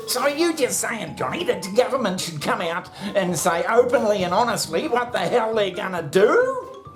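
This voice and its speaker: A man's voice: high-pitched, big pitch swings, moderate pace, a bit bright, faint music behind. An Australian man in a casual ranting monologue who swears constantly, fires off rhetorical questions and talks to himself by name. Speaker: vlogger.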